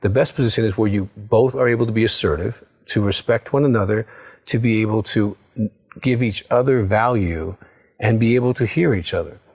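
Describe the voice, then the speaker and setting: A middle-aged male counselor with a somewhat low, husky voice. He gives earnest, coaching advice and checks in often with the listener. His delivery is steady and direct. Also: fairly quick. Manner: earnest, coaching, many "okay?" check-ins. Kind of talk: direct-to-camera advice talk.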